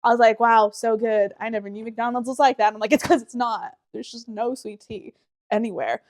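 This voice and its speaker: A woman's voice: a little high, fairly quick, no room sound, studio quality. A woman from the Southern United States co-hosting a podcast, chatty and profane, rambling with frequent laughs. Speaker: podcast co-host. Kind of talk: casual podcast chat.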